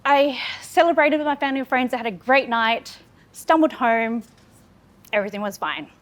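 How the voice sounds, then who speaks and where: A woman's voice: high-pitched, lively intonation, moderate pace. A woman in her thirties from Australia gives an earnest, candid speech about her own life, building on repeated phrases. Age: 30s. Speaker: public speaker. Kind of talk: personal storytelling speech.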